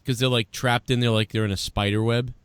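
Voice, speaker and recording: A man from the Boston area with a softened Boston accent, hosting a live show in loose, profane, rambling chat. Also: medium pitch, fairly even intonation, a little fast, smooth, no room sound. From Boston area, USA. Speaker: podcast host.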